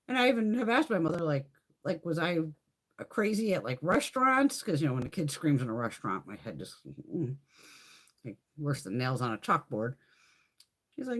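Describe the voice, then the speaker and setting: This is a woman in middle age hosting a casual live stream. Her voice has a husky, breathy edge and leaps around in pitch as she tells stories. She swears freely and laughs often. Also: a little fast. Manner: profane, animated storytelling with frequent laughs. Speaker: livestream host.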